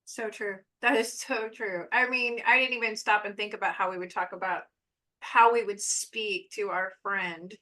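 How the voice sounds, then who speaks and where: A woman podcast host with a bright, forward voice who answers her guest in casual, self-deprecating chat. She talks loosely, with plenty of "um" and "you know.". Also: medium pitch, fairly even intonation, normal speed. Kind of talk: podcast interview.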